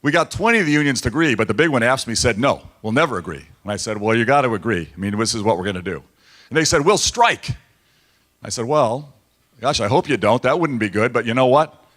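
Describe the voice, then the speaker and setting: A man's voice: mid-range voice, lively intonation, fast talker, a bit bright. A man speaking as a governor at a political dinner, telling stories with quoted back-and-forth and repeating lines for emphasis. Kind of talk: campaign-style speech. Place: banquet hall at a dinner event.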